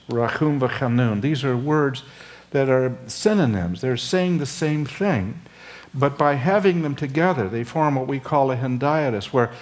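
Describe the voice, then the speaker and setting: Slow, lively older man preaching. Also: mid-range voice. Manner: slow and deliberate, with frequent uh and um, voice lifting for emphasis; acts out dialogue between Moses and God. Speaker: seminary professor. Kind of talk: expository chapel sermon.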